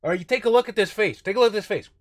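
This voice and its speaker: A man's voice: high-pitched, very fast. A man playing a tabletop game, talking in character with brash, wisecracking banter. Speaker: player.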